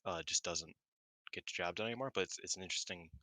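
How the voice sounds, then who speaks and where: A man co-hosting a wrestling review podcast, chatting casually and excitably, swearing and rambling. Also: sits low, quick pace, no echo. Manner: excitable, swears, long-winded, laughs often. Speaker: podcast co-host.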